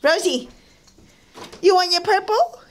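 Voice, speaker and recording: A woman with a strikingly high voice talks to her kids in a living room, filmed on a handheld phone. Her way of speaking is coaxing and playful, and she laughs often. A faint hiss sits under the recording. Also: slow pace. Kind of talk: casual home video. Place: home living room at the Christmas tree.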